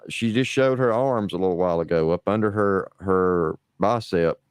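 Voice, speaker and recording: A middle-aged man from New Orleans hosts a casual livestream with crude, mocking, rambling commentary. His voice sits very low. The sound is dry and close, with little room around it. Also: a little mellow, smooth, no echo. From New Orleans, USA. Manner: crude, rambling, sarcastic storytelling. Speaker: livestream host.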